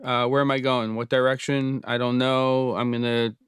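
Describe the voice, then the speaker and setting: Smooth-voiced man hosting a tech show. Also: medium pitch, normal speed, dry recording, clean studio sound. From Britain. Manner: relaxed, thinking aloud with many fillers. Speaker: host. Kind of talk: casual screen-recorded tutorial.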